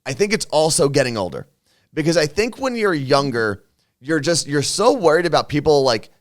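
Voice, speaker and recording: A man co-hosting a casual talk show, chatting in relaxed, rambling thoughts. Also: a little high, moderate pace. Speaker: radio and podcast co-host. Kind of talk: casual chat. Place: studio.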